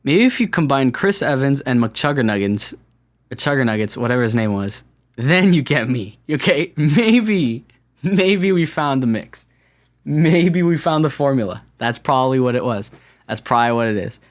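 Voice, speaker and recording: A man's voice: mid-range voice, lively intonation, moderate pace. A man hosts his own podcast with no co-host, drifting from one thought to the next. He talks in a loose, self-deprecating ramble full of fillers and restarts. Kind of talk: solo podcast monologue. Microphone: camera-recorded podcast setup.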